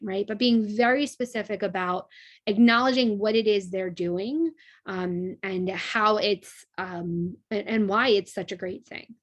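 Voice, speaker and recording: A woman's voice: medium pitch, a little slow. A young adult woman teaching a class in a conversational way, with many fillers and frequent checks like "right?". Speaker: instructor.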